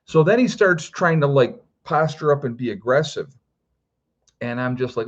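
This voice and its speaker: Middle-aged male host, loose chatty storyteller, plenty of "you know", mid pitch, a bit lo-fi. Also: normal speed. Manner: rambling, many "you know" fillers. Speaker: prepper channel host. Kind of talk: casual livestream storytelling.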